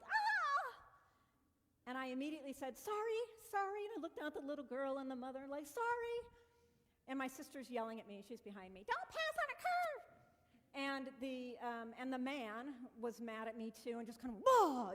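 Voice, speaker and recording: A woman pastor giving a conversational storytelling sermon who acts out her own exclamations. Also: a little high. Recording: long reverb of a church hall.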